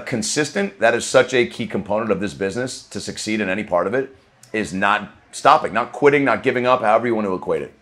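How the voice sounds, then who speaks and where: A man's voice: fairly low pitch, fairly bright tone. A male comedian hosting a podcast, riffing in a loose, profane, rambling monologue from a comedy club green room.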